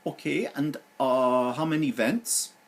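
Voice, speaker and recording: A man mimicking a male telemarketer in a mock Indian accent, using a high, formal sales patter. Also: takes it slowly. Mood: pushy, polite. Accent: Indian, mocked.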